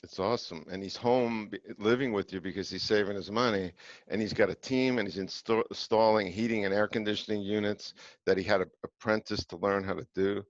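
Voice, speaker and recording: A man co-hosting a podcast, telling a story in a casual, animated and emphatic way with frequent restarts. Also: lowish voice, fairly quick, dry recording. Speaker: podcast co-host. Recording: dull, dry sound.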